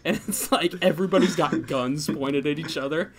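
A young man hosting a podcast, telling a story in casual chat, animated and laughing, full of fillers. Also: fairly high pitch, moderate pace, a crowd in the background. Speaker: podcast host.

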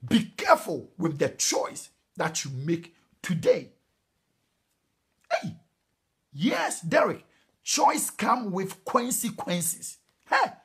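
A middle-aged Ghanaian man preaching a sermon, emphatic and animated, with sudden high exclamations. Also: husky. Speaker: pastor.

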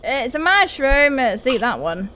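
A woman hosting a gaming video, playful and swearing while she plays, from quiet mutters to loud outbursts. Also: high-pitched, sing-song, measured pace, slight background noise. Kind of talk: playing and joking over gameplay.

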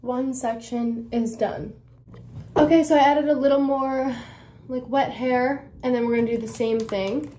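A woman's voice: sits high, steady tone, a little slow, dark tone, slight background noise. A young woman chatting casually through a hair tutorial as a beauty vlogger, rambling and self-mocking with lots of fillers. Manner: drifts into whispering at times.

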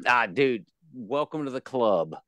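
A man hosting a podcast, joking and talking in a loud, animated way. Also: medium pitch, unhurried, dry recording. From United States. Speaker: podcast host. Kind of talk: casual podcast chat.

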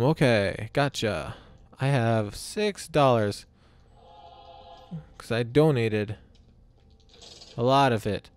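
A man giving casual, goofy commentary while playing a video game, talking to the enemies and cracking crude jokes. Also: medium pitch. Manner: goofy, talks to enemies, silly voices and swearing. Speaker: gameplay commentator. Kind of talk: casual let's-play commentary.

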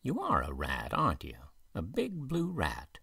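A man voicing a gentle teenage boy who speaks softly and coaxingly in a storybook reading. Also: deep voice, sing-song, a little slow, breathy edge, dry recording, studio quality, heavily acted. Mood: soothing. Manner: soft, coaxing.

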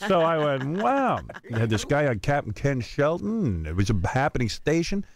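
A man's voice: fairly high pitch, big pitch swings, normal speed, gravelly, crowd noise. A man hosting a radio show, telling a long story and acting out the voices of the people in it. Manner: acts out other people's voices, with emphatic asides. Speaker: radio host. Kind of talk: animated storytelling.

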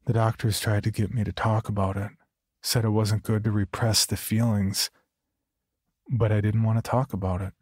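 A man narrates a first-person horror story in a quiet, halting, subdued voice. His tone is low and husky. It is recorded dry and close, with faint music underneath. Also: flat delivery, dry recording.

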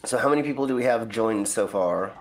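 A man with a fairly low voice hosts a casual game stream, rambling and filling gaps with ums and uhs. His voice sits in a roomy, echoey space with faint music underneath. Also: fairly quick. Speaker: stream host. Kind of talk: casual chat.

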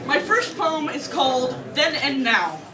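A woman's voice: high-pitched, big pitch swings, measured pace, a crowd in the background. A woman poet reading her poems at a bar, joking and self-mocking between pieces. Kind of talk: poetry reading. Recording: echoey room, far from the mic.

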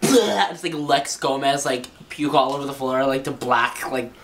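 Rambling low-voiced young woman. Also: normal speed, background noise. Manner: rambling, full of "like" and swearing, acts out scenes. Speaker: vlogger. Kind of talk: casual chat.

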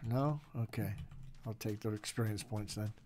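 A man's voice: fairly low pitch, normal speed. A man casually commenting on a game he is playing, joking around and tossing in pirate growls. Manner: jokey, playful, growls pirate noises. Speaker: gaming channel host.

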